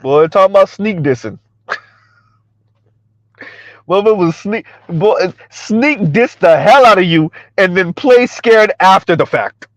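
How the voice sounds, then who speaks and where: A man with a high, lively voice runs a mocking reaction commentary. He stammers and repeats himself and swings his pitch widely. The sound is dry and close. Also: slow, no room sound. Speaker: commentary vlogger.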